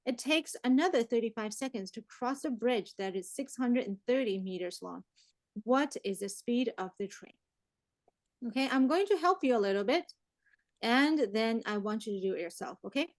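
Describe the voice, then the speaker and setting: A woman teaching an online math class, lively and checking on her students with frequent questions. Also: on the high side, dry recording. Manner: lively, mixes English and Chinese, asks the class questions.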